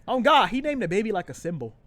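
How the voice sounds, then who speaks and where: A man's voice: sits high, very animated, fast, fairly bright tone. A young man co-hosting a podcast, talking in slangy casual chat with lots of repeats and restarts. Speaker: podcast co-host.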